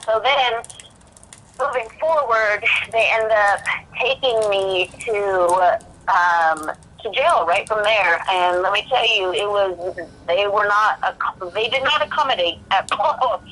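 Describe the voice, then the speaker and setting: She talks slowly in a medium-pitched, fairly bright voice, and the audio is poor. A podcast guest speaking from prison, she candidly rambles through her own story with many fillers and restarts, voicing her past thoughts as quotes.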